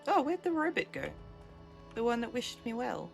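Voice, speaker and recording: A woman's voice: fairly high pitch, very animated, normal speed, creaky, faint music behind. A woman live-streaming a game, chatting casually, thinking aloud and poking fun at herself.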